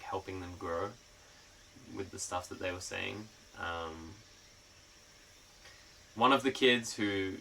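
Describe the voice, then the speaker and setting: A man's voice: on the low side, vocal fry, pushed and bright, distant mic, slight background noise, rough recording. A young man streaming a casual chat, rambling with lots of fillers and freely swearing.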